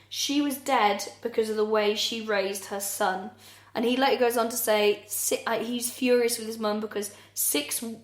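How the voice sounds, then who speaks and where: Woman, comedy podcast co-host, blunt, sweary, slightly high voice, roomy echo. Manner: blunt, sweary, laughs often. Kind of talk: casual comedic chat.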